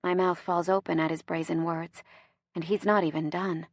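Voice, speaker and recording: A woman narrating a first-person romance audiobook in an expressive, playful way. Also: fairly low pitch, moderate pace, dry recording, studio quality.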